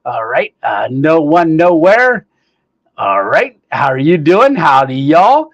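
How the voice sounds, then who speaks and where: A man hosting a casual livestream, cheerfully greeting viewers by name and reading their comments, with many pauses and fillers. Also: on the high side, sing-song, muffled recording. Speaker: livestream host. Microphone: clip-on microphone, sometimes staticky.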